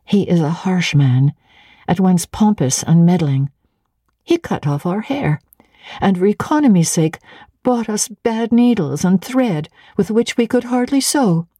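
A woman voicing an earnest eighteen-year-old governess who answers quietly and plainly. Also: medium pitch, animated, measured pace, no echo, studio quality, pitched above the performer's own voice.

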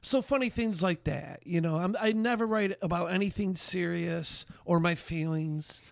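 A high-pitched, gravelly man tells stories on a podcast in a lively, rambling way, stopping and restarting his sentences. His voice is bright and a little raspy at the edges. The sound is dry and close. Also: moderate pace, no echo. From Albany, New York area. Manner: animated, rambling with many fillers and restarts. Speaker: songwriter and bandleader, podcast guest. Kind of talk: casual chat, storytelling.

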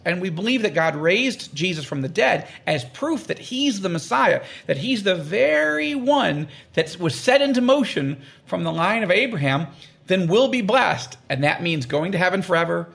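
A man explaining the Bible in an interview, emphatic and animated, acting out quoted voices and repeating phrases for stress. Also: high voice, gravelly. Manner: animated, acts out quoted prayers and God's words. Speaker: guest explaining scripture. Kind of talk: conversational interview.

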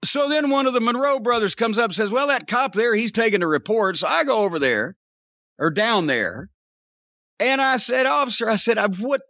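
A man hosts a podcast and tells a long, profane story, acting out his own yelling along the way. His voice sits very high and sounds sharp and forceful. The recording is dull and lo-fi, with a dry, close sound. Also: dry recording. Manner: profane, animated, reenacts shouting. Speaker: podcast host. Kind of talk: storytelling rant.

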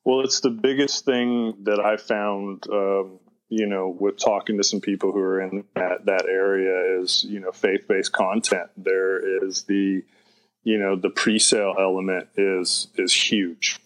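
A man's voice: low voice, little pitch movement, measured pace, a bit bright, rough recording. A younger man, a filmmaker guest, talking casually in a rambling way, full of "you know". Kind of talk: casual interview chat.

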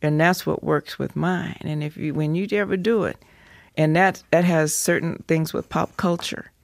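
A woman in her seventies, an actress being interviewed, telling stories in an animated way with halting restarts. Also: sits low, gravelly, dry recording, clean studio sound. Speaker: actress guest. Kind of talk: interview storytelling.

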